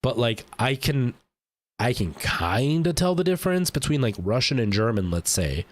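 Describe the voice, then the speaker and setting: A man's voice: mid-range voice, sing-song, moderate pace, dry recording. A man streaming a game live, chatting casually and thinking aloud with lots of fillers and restarts.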